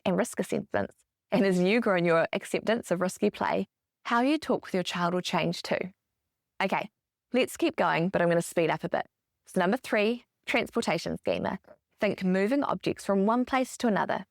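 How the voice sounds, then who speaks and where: A woman's voice: mid-range voice, no echo, clean studio sound. A woman hosting a solo parenting podcast, explaining in a coaching tone and lifting her voice when she acts out example phrases. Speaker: podcast host.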